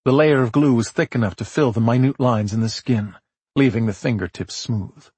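A man narrating an audiobook in a measured, steady storytelling manner. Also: mid-range voice, slightly rough, no echo.

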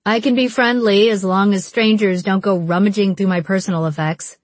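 Brief: narrator doing a guarded young woman, dry and quiet, close mic. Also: mid-range voice, steady tone, brisk, dry recording, lightly acted.

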